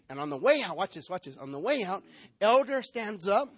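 Preaching with animation, this male pastor steps into role-play to portray people in his congregation. He has a high voice with a breathy edge and speaks fairly quickly.

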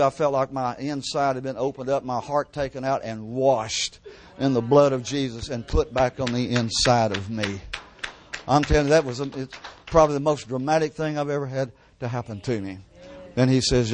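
An older man preaching a sermon at a church service, telling his testimony with fervent repetition and dropping to hushed tones at the emotional peaks. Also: medium pitch, moderate pace, a little hiss or hum.

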